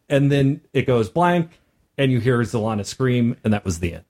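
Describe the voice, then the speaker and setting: A man's voice: medium pitch, moderate pace. A man who runs tabletop games, recounting a session in casual chat and acting out the characters as he goes. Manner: animated storyteller who acts out characters. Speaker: game master.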